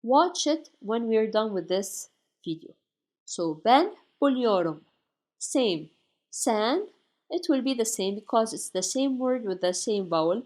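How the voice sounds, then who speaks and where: A woman teaching Turkish grammar from slides, saying each example word slowly and carefully. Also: on the high side, animated, darkish tone. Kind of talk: slide-based grammar lesson.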